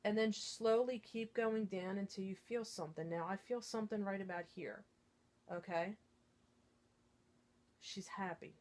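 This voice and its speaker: A woman talks viewers through an energy exercise in her own studio, in a chatty, informal way. She is an intuitive card reader and Reiki practitioner who keeps checking in with "okay?" and fills her talk with "like." Her voice sits at an ordinary middle pitch. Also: steady tone, unhurried, long pauses, a little mellow. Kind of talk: casual step-by-step teaching to camera.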